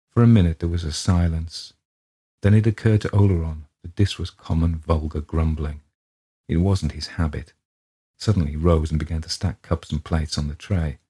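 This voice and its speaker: Measured male narrator for a ghost story audiobook, deep and husky. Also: fairly even intonation, warm tone.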